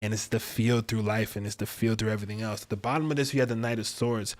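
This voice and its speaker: A man's voice: fairly low pitch, fairly even intonation, fast talker. Chatty man reading tarot. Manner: rambling, slangy, chatty. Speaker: astrologer and tarot reader. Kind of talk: casual livestream reading.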